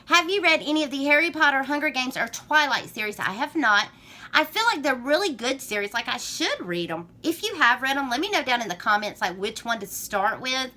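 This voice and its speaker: Bright chatty Southern woman vlogger. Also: high-pitched, big pitch swings, fairly quick. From Georgia, US. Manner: chatty, rambling, gushing. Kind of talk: casual get-to-know-me tag vlog.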